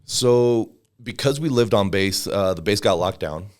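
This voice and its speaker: A man's voice: lowish voice, a little slow. A man of about forty, a fighter and former soldier, telling stories casually as a podcast guest and acting out the people he quotes. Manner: relaxed, acts out quoted people in raised voices. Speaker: guest, MMA fighter and army veteran. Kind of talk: casual storytelling.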